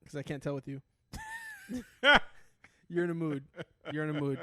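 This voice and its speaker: A man's voice: a little high, normal speed, no room sound, clean studio sound. A man co-hosting a casual podcast, telling stories and acting out the people in them. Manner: animated storyteller, acts out quoted people. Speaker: podcast co-host. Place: his neighborhood in upper Manhattan.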